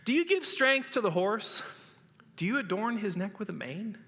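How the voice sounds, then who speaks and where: A man's voice: high-pitched, very animated, normal speed, fairly bright tone, pitched above the performer's own voice, full character voice. A man voicing God as an exasperated male figure who fires mocking rhetorical questions, in an echoey hall. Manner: rhetorical, needling.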